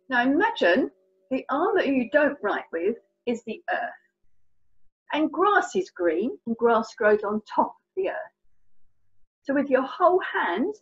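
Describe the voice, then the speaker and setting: A woman with a British accent and a fairly high, breathy-edged voice guides children through signing colours. Her pitch jumps around a lot as she chats playfully and encourages them. The recording sounds muffled and lo-fi. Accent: British English. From England. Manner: chatty, playful, encouraging, demonstrating hand signs. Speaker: sign language tutor.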